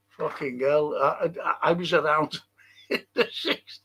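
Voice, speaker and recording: A man's voice: fairly high pitch, steady tone, a little slow, pushed and bright, husky. An older man hosting a livestream, rambling casually, swearing and chuckling as he reads out viewer comments. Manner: rambling and profane, chuckling often. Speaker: livestream host.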